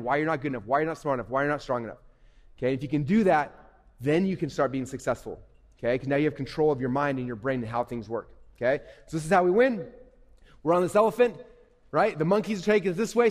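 Upbeat male speaker addressing youth live; slightly high voice, reverberant hall. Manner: energetic, repetitive, conversational. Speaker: motivational speaker. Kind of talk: live motivational talk to youth. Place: stage at a live event. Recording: echoey hall.

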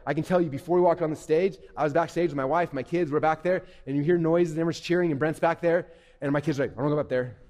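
Man, middle-aged, youth event speaker, animated, fast-paced, long hall reverb. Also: on the high side. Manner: animated, acts out inner voices, asks the audience questions. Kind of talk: energetic stage talk to kids. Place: large hall on stage.

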